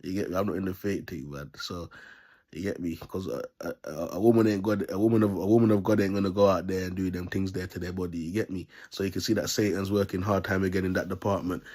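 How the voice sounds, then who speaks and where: A man's voice: sits low, fairly even intonation, fast, darkish tone. A man giving a casual, preachy monologue to camera, tagging nearly every point with "you get me" and laughing between points. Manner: repeats "you get me" as a constant tag. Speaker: self-styled preacher vlogger.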